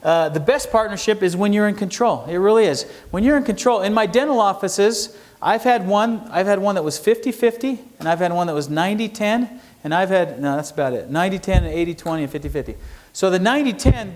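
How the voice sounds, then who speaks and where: A middle-aged man giving a talk to students, telling homespun stories and putting questions to the audience. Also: high-pitched. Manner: folksy storytelling, asks the audience questions. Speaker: entrepreneur speaker. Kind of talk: lecture to students. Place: university lecture hall.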